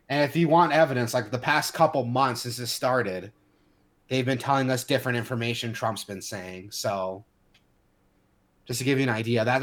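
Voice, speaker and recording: A man's voice: medium pitch, a bit bright. A man co-hosting a podcast, ranting heatedly in casual chat with many restarts and fillers. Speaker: podcast co-host.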